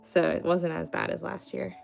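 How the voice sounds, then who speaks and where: A woman's voice: on the low side, flat delivery, moderate pace, creaky, darkish tone, soft background music. A young adult woman hosting a casual livestream, telling rambling, chatty stories full of "like" fillers and answering chat. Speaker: craft artist hosting a livestream.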